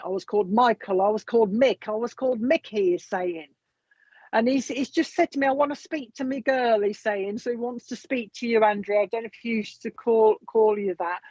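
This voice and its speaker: A woman's voice: medium pitch, darkish tone, dry recording, muffled recording. A woman with a British accent giving live psychic readings, chatting as she passes on messages and reads out viewer comments. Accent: British English. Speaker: psychic medium. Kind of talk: live online mediumship readings.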